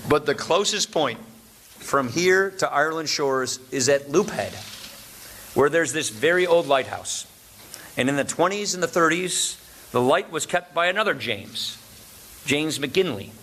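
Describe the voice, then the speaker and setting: A man from Wisconsin delivers a lunchtime speech from a lectern, his voice bright and forceful and sitting a touch high. He mixes formal address with jokes and chuckles at his own punchlines. A faint hum of the hall sits behind him. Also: animated, unhurried. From Wisconsin, USA. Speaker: speaker at a political luncheon.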